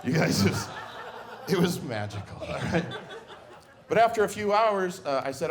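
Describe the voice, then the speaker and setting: A man's voice: high-pitched, normal speed, long pauses. A middle-aged man doing stand-up comedy on a club stage, telling family stories and acting out scenes as he goes. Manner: animated storytelling, acting out scenes.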